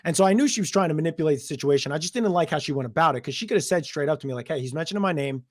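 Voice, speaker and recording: A man's voice: a little high, very fast, no room sound, studio quality. A young man from New Jersey, a guest in an interview, telling a long story in a rambling way with lots of quoted asides. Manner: rambling, animated retelling with many "I was like" quotes.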